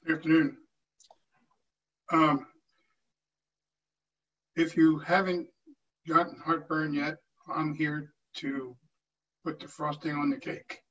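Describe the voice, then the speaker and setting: An older man addresses a town hall with earnest conviction, stopping and restarting as he goes. His voice sits fairly high. He is heard from a distance on a dull, lo-fi recording. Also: flat delivery, takes it slowly, long pauses, a bit bright. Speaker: veteran speaker at a town hall. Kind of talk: informal address to a meeting.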